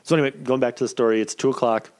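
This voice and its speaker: A man in his thirties hosting a podcast, telling a personal story in a casual, profane, animated way. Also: medium pitch, racing. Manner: profane, animated, acts out quoted voices. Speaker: podcast host.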